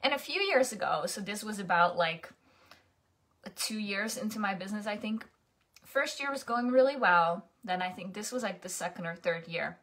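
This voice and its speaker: A woman's voice: medium pitch, moderate pace, a bit bright. A young adult woman coaching in a casual, chatty monologue, often restarting and asking "right?".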